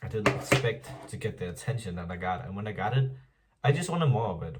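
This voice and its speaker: A man's voice: on the low side, expressive, brisk, distant mic, heavy background noise. A young man talking candidly to his viewers at home in a casual vlog, chatty and open, calling them "girl" and laughing often. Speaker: vlogger. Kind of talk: casual confessional vlog monologue. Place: home apartment.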